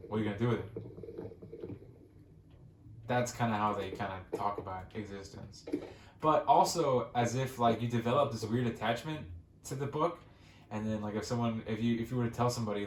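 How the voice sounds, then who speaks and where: A young man rambles through casual gameplay commentary, swearing often and restarting his thoughts. His voice sits a little low. It is recorded in an echoey room with a faint hiss behind it. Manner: rambling, swears freely, frequent restarts and fillers. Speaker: gaming channel host.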